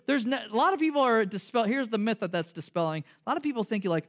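A man preaches a conversational sermon as pastor, his voice pitched high and racing along with hardly a pause. He jokes, throws out rhetorical questions, and often restarts his sentences amid plenty of fillers, all in an animated manner.

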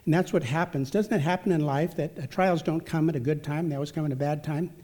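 Folksy man telling a warm story. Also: a little high, steady tone, quick pace. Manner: folksy, self-deprecating, chatty. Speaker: speaker at a church family event. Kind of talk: humorous anecdotal storytelling with scripture.

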